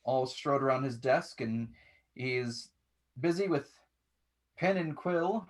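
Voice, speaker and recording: A man narrating as game master, talking in halting bursts with many restarts. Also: mid-range voice, expressive. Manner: halting, full of restarts and fillers.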